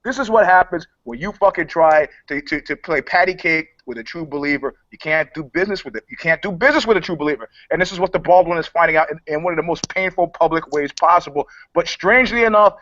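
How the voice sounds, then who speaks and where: Picture a man with a high, bright voice, telling loose, profane stories and jumping between characters as he acts out both sides of a dispute. He sits close to a dry, slightly dull podcast mic. He co-hosts an MMA chat show. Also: quick pace, few pauses, no echo. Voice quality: animated storyteller, voicing the people in his anecdotes. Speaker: podcast co-host, MMA pundit. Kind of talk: casual, profane chat, acting out the other side of a dispute.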